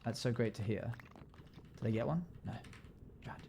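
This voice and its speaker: Male live streamer, casual and joking, mid pitch, loud comic outbursts. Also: expressive, normal speed, heavy background noise. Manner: jokey, chatty, bursts into loud playful yells. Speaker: game streamer. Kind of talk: casual live-stream chat while gaming.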